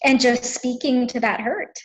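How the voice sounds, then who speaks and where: A woman in her thirties speaks in an earnest, heartfelt way, pausing often to find her words. Her voice sits fairly high and she talks slowly and unhurriedly. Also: poor audio. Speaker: guest, best friend. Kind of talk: emotional conversation.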